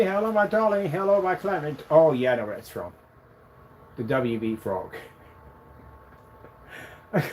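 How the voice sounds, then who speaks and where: A man casually demonstrating a projection screen on a vlog, excited and rambling, boasting about his product. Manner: sings snatches of a tune in a high voice.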